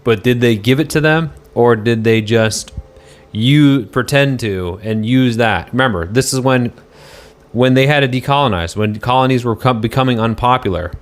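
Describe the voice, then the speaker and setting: A man's voice: medium pitch, moderate pace. Rambling, argumentative male livestreamer. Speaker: livestreamer answering chat. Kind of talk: casual live-stream chat.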